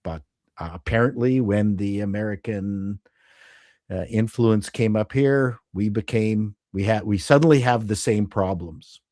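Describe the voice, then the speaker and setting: A man's voice: on the low side, measured pace, mellow, no echo. A man from Canada chatting on a livestream, hesitant with dry quips. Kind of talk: casual livestream chat.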